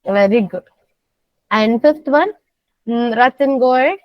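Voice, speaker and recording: A woman teaching a soft skills class, coaxing her students and repeating simple phrases. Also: on the high side, unhurried, no room sound, lo-fi sound.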